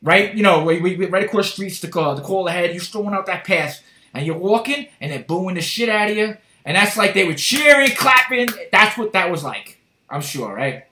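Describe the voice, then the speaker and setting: A man hosting a podcast, telling stories in an animated, profane way. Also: high voice, fairly quick, reverberant. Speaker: podcast host. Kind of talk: casual chat.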